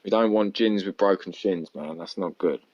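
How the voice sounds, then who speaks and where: A man talks through a casual solo podcast, rambling and candid and swearing nearly every line. His voice sits on the low side. The recording is muffled and lo-fi. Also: moderate pace. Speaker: podcast host. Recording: dull lo-fi recording.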